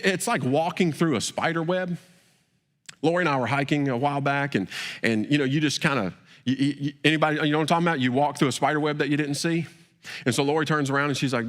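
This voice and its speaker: A middle-aged man, a pastor, preaching a sermon, stammering on repeated words and rising to emphatic peaks before dropping quiet. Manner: repeats words, builds to emphatic peaks then drops low. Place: church sanctuary. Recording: long hall reverb.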